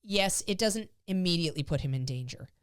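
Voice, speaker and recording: A woman's voice: on the low side, fairly quick, clear, resonant tone, no room sound, clean studio sound. A woman dog trainer co-hosting a podcast, explaining training in casual chat and acting out quotes. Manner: explains with lively acted-out quotes of her dog.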